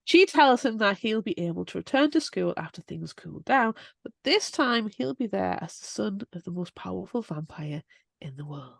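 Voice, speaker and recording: A woman's voice: medium pitch, animated, moderate pace, creaky, dry recording, studio quality. A woman co-hosting a casual book chat over a video call, laughing often. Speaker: podcast co-host.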